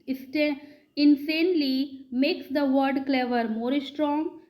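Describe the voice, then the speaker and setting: A woman gives a grammar lesson in a high voice. She speaks slowly and deliberately, repeating key words and quizzing her class as she goes. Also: a little mellow, low-quality recording. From India. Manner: slow, repeats words and asks the class questions. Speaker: English teacher.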